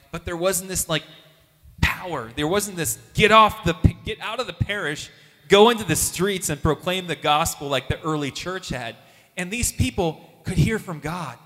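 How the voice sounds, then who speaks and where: Animated man telling his story in a reverberant hall. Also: a little high. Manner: animated storytelling, acts out quoted voices. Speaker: youth minister. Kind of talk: testimony talk.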